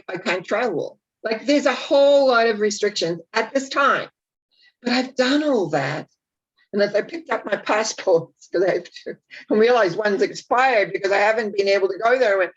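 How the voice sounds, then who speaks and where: A woman speaking off the cuff as a spiritual teacher on her own channel, reflective and gently encouraging, wandering from thought to thought. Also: mid-range voice, lo-fi sound. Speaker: spiritual teacher and YouTube host. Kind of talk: unscripted spiritual talk to camera.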